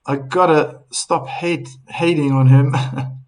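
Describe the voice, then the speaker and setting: A man's voice: fairly high pitch, fairly even intonation, slow, darkish tone, low-quality recording. Chatty man doing live tennis commentary. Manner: chatty, reads viewer comments aloud, laughs easily. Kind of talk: casual live play-by-play commentary.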